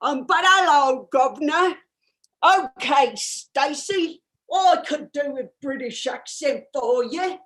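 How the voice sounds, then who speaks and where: A high, slow, drifting voice belongs to a spacey new-age guru who rambles dreamily about sex and spirit, as a woman acts her out in improv. She is self-absorbed and takes her time, heard over a video call from a bedroom. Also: a bit bright. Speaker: improv performer. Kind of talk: improvised character comedy. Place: home bedroom.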